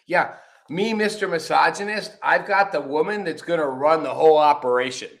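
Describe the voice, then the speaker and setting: A man's voice: a little high, normal speed. A man hosting a political commentary show, talking casually and rambling, swearing freely and acting out quotes. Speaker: show host.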